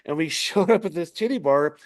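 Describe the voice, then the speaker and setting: Laughing, animated storyteller man. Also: a little high, a little fast. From Denver area. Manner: animated, laughing often, swears freely. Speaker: musician guest. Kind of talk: casual storytelling chat. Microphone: video call.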